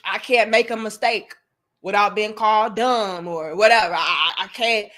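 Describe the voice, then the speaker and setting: A woman's voice: mid-range voice, normal speed, a bit bright. A woman in her thirties hosting a live commentary stream, talking bluntly and with emphasis and swearing freely as she tells personal stories to her chat. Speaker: commentary channel host.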